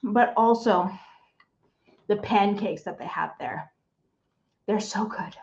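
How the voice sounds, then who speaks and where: A woman's voice: mid-range voice, takes it slowly, darkish tone. A young woman hosting a live stream, chatty and enthusiastic, often repeating herself. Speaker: streamer host. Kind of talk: casual live-stream chat. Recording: dull lo-fi stream audio.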